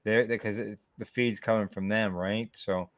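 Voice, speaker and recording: A man's voice: lowish voice, fairly even intonation, normal speed, a bit bright, no room sound, studio quality. A man hosting a casual chat over a video call, talking in a rambling way full of asides. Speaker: host.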